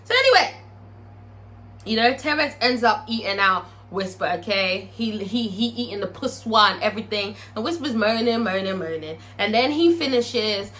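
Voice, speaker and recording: A woman's voice: medium pitch, lively intonation, moderate pace, a bit bright. A young woman recapping a TV episode in a blunt, profane, sassy storytelling manner. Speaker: TV episode reviewer.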